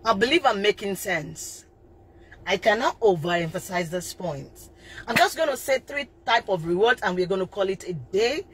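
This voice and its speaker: A woman's voice: mid-range voice, animated, moderate pace, a bit bright, a little hiss or hum. A middle-aged woman giving an impassioned live talk as a parenting coach, stressing her points and often repeating and restarting phrases. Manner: emphatic, impassioned preaching.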